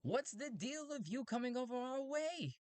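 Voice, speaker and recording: A quirky collector robot , put on by a man, chatters in a high, squeaky voice that jumps all over the place. It rambles eagerly and sounds a little odd, as if it is always on the edge of getting carried away. The voice is dry and close, with no room sound around it. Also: normal speed, clean tone, no room sound. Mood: puzzled. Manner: high-pitched, excitable and rambling.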